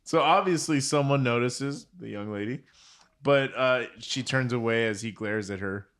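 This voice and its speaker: A man co-hosting a film podcast, recapping scenes in a relaxed way and laughing often. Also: medium pitch, normal speed. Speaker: podcast co-host. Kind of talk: casual film discussion.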